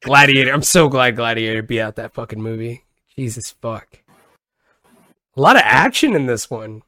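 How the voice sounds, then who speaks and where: A man's voice: mid-range voice, expressive, moderate pace, pushed and bright, no room sound, clean studio sound. A man hosting a podcast in casual chat, laughing often and swearing freely. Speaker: podcast host.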